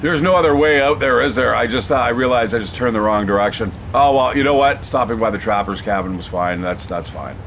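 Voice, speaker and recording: A man talks his way through a survival game, chatty and rambling, cursing casually as he goes. His voice sits at an ordinary middle pitch, with a faint hiss and the game's ambience running underneath. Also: fairly quick, few pauses, fairly bright tone. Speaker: gaming streamer. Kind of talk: casual gameplay commentary.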